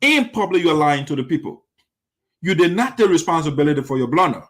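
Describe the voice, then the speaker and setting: A man's voice: on the high side, big pitch swings, fast, a bit bright. A man hosting a critical political commentary, indignant and full of rhetorical questions that circle back to the same points. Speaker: commentary show host.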